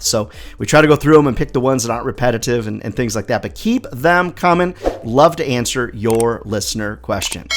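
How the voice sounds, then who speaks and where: A man's voice: mid-range voice, a bit bright. A middle-aged man hosting a solo question-and-answer show as a sales coach, chatty and upbeat with friendly asides.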